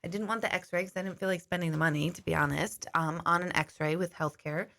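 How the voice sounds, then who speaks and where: A woman's voice: lowish voice, steady tone, a little fast, gravelly, pushed and bright. A middle-aged woman host chatting casually to her viewers, telling a long rambling story. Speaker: intuitive host.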